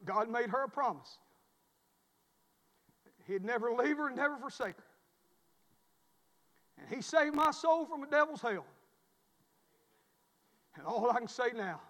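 A man preaching a sermon, swinging between loud high cries and low hushed asides in plain folksy speech. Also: animated, normal speed, long pauses. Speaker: pastor. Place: church sanctuary. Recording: long reverb of a church hall.

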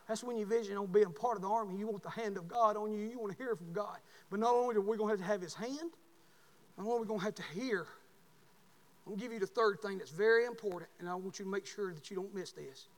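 A man preaching a sermon as pastor, telling folksy stories and building to shouted calls. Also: high voice, fast. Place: church sanctuary. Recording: long hall reverb.

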